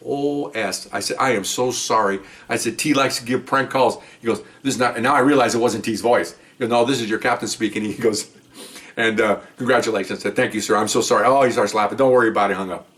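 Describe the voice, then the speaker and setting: Rambling older man telling cop stories. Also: quick pace. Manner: rambling, animated, jumps into a high excited voice when joking. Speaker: retired police officer telling stories. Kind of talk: casual storytelling monologue.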